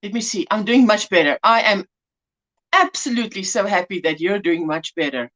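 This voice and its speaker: A woman's voice: mid-range voice, expressive, moderate pace, fairly bright tone. A woman hosting a casual livestream, greeting viewers by name with pet names and laughing often. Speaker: livestream host. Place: indoors at home.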